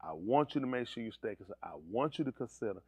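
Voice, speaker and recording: A male pastor preaching a sermon, swinging between low, steady teaching and high, shouted preaching, teasing members of his congregation. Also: fast talker, slightly rough, no echo.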